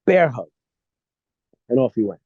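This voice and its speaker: A man's voice: medium pitch, unhurried, breathy edge, dry recording. A middle-aged man, an actor being interviewed, telling anecdotes casually and acting out the lines. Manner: animated anecdotes with acted-out quotes. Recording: dry, slightly dull sound.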